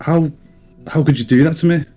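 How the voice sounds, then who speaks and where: A man's voice: on the high side, mellow, soft background music, close to an everyday voice. A man voicing an anguished male warrior who stumbles over his words as he confronts a brother who betrayed him. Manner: halting, repeating words.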